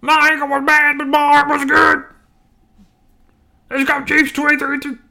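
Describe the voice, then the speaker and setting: Man doing a squeaky, gloating quarterback. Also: completely flat delivery, moderate pace, creaky, bright, forceful tone, heavily acted. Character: cocky star quarterback, young man, gloating.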